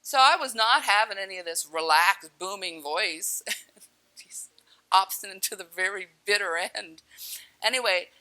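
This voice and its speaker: Blunt, bright-voiced woman telling her story. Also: medium pitch, unhurried, low-quality recording. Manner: candid and blunt, swears and laughs at herself. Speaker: storyteller recounting a near-death experience. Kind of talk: personal testimony.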